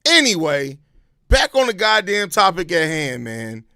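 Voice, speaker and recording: A man hosting a live postgame reaction, talking bluntly with plenty of profanity and breaking into loud rants. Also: high voice, very animated, a little slow, gravelly, dry recording, studio quality. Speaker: sports channel host.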